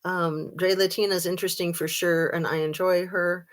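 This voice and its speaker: A woman's voice: on the low side, flat delivery, normal speed. A woman hosting a casual true-crime livestream, chatting and reading viewer comments with lots of ums and a sarcastic streak.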